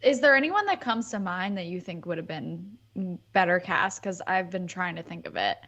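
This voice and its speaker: A woman's voice: fairly low pitch, expressive, moderate pace, fairly bright tone, lo-fi sound. A woman co-hosting a podcast, chatting casually and asking her guest questions. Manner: conversational, asks questions. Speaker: co-host.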